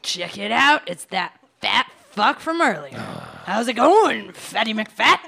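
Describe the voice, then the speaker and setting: A woman's voice: fairly high pitch, big pitch swings, slow pace, creaky, sharp tone, breathy edge, exaggerated voice. A woman playing a cocky, foul-mouthed young wannabe supervillain in a comedy audio drama. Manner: cocky, swearing constantly. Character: brash foul-mouthed young villain wannabe, gun-waving mugger.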